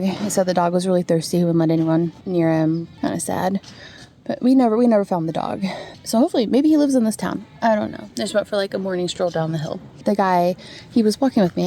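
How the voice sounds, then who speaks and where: A woman's voice: on the low side, dark tone. A woman vlogging outdoors as she walks a trail, talking candidly and laughing often into a handheld camera. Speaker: vlogger hiking a long-distance trail. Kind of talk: casual vlog chat.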